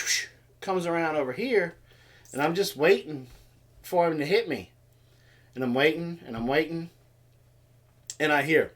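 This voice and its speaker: A man's voice: on the high side, normal speed, long pauses, a bit bright. A man co-hosting a livestream, telling a story in casual chat and acting out other people's voices and sounds. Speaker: co-host of a homestead livestream.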